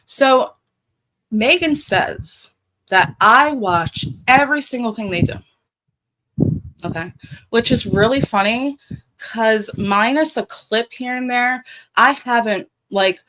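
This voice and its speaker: A woman's voice: a little high, a bit bright, low-quality recording. A middle-aged woman with a Baltimore accent hosting a casual livestream, blunt and profane, talking straight to her chat. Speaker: livestream host.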